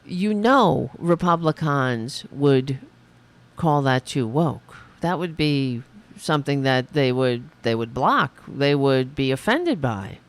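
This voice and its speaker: A woman's voice: extremely low pitch, lively intonation, takes it slowly. A middle-aged woman hosting a political commentary podcast, ranting angrily and swearing a lot. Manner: angry, profane ranting. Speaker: podcast host.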